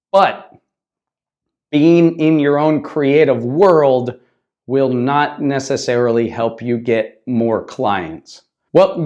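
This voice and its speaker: A man's voice: on the high side, darkish tone, muffled recording. A man teaching business English to camera in a casual style, often checking in with "right?" and dropping into brief Spanish asides. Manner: conversational, repeats "right?" often.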